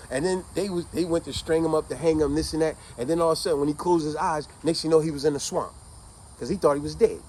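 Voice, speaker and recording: A man's voice: fairly high pitch, fast talker, darkish tone, slight background noise, poor audio. A man casually and animatedly retelling a story to his listeners, speaking conversationally.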